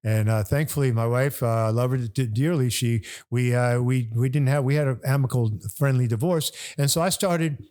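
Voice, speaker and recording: An older man from New Orleans tells a long story in a casual, rambling manner. His voice sits in an ordinary middle pitch, and he often restarts mid-phrase and repeats words before moving on. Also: brisk, hardly any pauses, darkish tone. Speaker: podcast guest. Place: bar.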